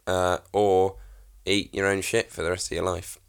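A man's voice: deep voice, flat delivery, normal speed, vocal fry, clean tone. A man co-hosting a podcast, teasing his co-host with crude humour and laughing often in casual chat.

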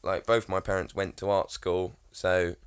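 Young English guy, very deep voice, blunt and sweary, podcast co-host banter. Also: level tone, measured pace, clear, resonant tone. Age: young adult. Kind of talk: casual chat.

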